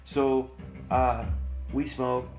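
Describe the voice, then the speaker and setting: A man's voice: medium pitch, extremely slow. Chatty middle-aged man telling stories. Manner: relaxed, chatty, lots of fillers and laughs. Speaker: comic artist streaming live. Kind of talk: casual storytelling on a live stream. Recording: roomy room, faint music.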